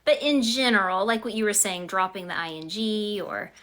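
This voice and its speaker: A woman's voice: medium pitch, moderate pace, fairly bright tone. A woman author with a Southern US accent, chatting casually and laughing easily as a live-stream guest.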